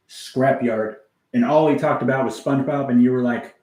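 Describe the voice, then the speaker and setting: Here a man hosts a music livestream in an echoey room, his medium-pitched voice steady, darkish, and at a normal pace. He rambles casually, curses offhandedly, and answers chat messages as they come.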